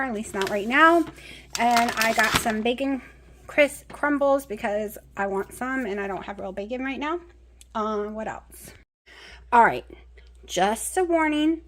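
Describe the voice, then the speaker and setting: A woman talks casually to her camera at home, rambling between topics and breaking into bursts of excitement. Her voice sits a little high. It sounds like a handheld camera in a home. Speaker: vlogger. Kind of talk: casual chat.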